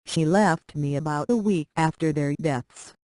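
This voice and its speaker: Synthetic reader doing a guarded sad teen girl, slow flat read, dry. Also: mid-range voice, dry recording, lightly acted. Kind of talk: dialogue story read aloud.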